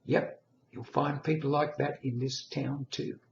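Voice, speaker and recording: Man playing a dry calm old-timer, over 60, gravelly voice in an echoey room. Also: mid-range voice, a little slow, highs cut off, slight background noise.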